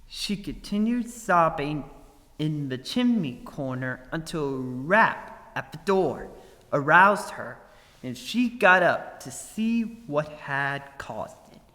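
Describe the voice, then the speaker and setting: Slow, expressive male storyteller. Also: a little high, in a large hall, rough recording. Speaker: story reader. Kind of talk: storybook narration.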